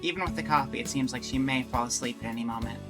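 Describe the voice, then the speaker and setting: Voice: medium pitch, very fast, music in the background. A streamer chatting candidly with viewers and reading a visual novel aloud, with a rambling, restart-prone way of talking. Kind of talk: casual chat and visual novel read-through.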